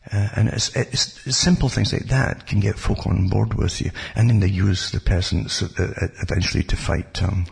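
Man, very deep voice, heavily gravelly and husky, rambling casual history talk. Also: steady tone, moderate pace, few pauses, darkish tone. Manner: rambling, digressive, asides like "you see". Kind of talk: casual spoken history monologue.

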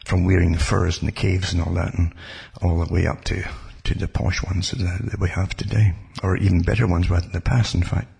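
A man's voice: low voice, level tone, fairly quick, creaky, hardly any pauses, a little mellow, slightly rough. A man giving a rambling, casual talk about history, full of digressions and asides. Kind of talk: casual spoken history monologue.

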